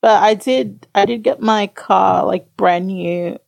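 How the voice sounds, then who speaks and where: A woman's voice: medium pitch, slow, gravelly, a little mellow, no echo. A woman chatting casually and giving short, laid-back replies. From Australia. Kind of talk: casual chat.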